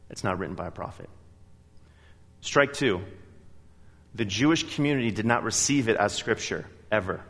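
Emphatic male preacher in a reverberant church. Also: fairly low pitch. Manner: animated storytelling, emphatic. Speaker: pastor. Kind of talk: sermon. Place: church sanctuary.

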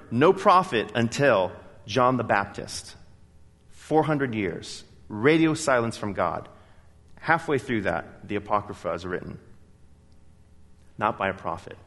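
A man preaching a sermon in a church, telling stories in a lively, emphatic way. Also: lowish voice, long reverb tail. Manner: animated storytelling, emphatic. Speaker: pastor. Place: church sanctuary.

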